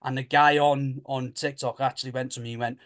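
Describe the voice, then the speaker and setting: A man telling ghost stories in a rambling, repetitive way, his voice low-middle and fairly flat. He keeps looping back and retelling what people said, like a guest chatting on a podcast. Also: a little fast. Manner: rambling, repeats himself, retells dialogue. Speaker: paranormal investigator guest. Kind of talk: casual storytelling.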